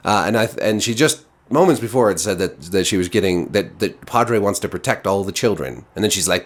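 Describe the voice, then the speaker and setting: Exasperated low-voiced male TV reviewer. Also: animated, a little fast, hardly any pauses. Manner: exasperated, rambling, frequent restarts. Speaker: TV show reviewer. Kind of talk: casual spoken review.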